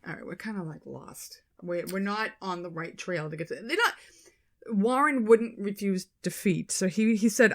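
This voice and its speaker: Female podcast co-host, casual storyteller, animated, salty language. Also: mid-range voice, normal speed. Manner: animated retelling, swearing, quoting people in their voices.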